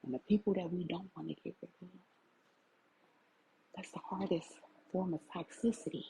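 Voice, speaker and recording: A woman's voice: lowish voice, fairly even intonation, moderate pace, gravelly, mellow, slight background noise, poor audio. A woman, giving an impassioned, tearful talk to her livestream viewers. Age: 40s. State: crying. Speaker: vlogger.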